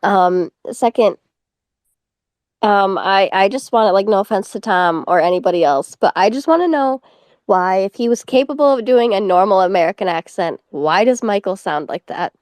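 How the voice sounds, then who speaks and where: A woman hosting a casual fan discussion talks emphatically, with quick apologies and strong opinions. Her voice sits in a middle range, and the sound is dry and close. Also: mid-range voice, animated, a little mellow, no echo. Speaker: podcast host.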